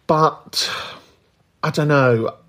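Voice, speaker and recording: A man's voice: on the high side, drawn-out words, fairly bright tone. Candid chatty man hosting a podcast. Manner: candid, reflective, chatty, swears freely. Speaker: podcast host. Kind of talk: casual chat.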